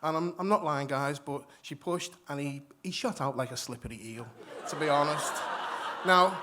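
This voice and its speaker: A man telling a live story on a hall stage, his voice pitched a little higher than most men's. He is animated, acts out the people in his tale and keeps restarting his sentences. A faint hiss sits under the recording. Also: moderate pace. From migrated to Australia. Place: stage in a hall before an audience.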